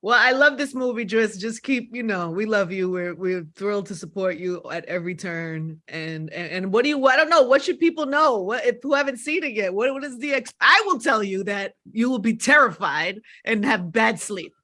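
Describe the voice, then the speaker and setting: A woman hosting an interview, enthusiastic and quick to laugh. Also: medium pitch, fairly bright tone. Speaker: radio show host. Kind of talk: casual interview chat.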